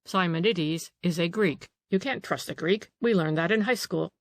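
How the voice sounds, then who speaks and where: A woman reading the part of a charming, playful young gentleman who coaxes and teases. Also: lowish voice, normal speed, dry recording, natural voice. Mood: coaxing. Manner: coaxing, playful, demure. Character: charming, teasing young gentleman invalid, man.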